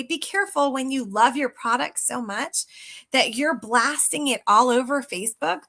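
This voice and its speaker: Casual emphatic woman sales coach, high-pitched and bright, chatty, middle-aged. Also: normal speed. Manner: chatty, emphatic, addresses viewers as guys. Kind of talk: casual live coaching talk.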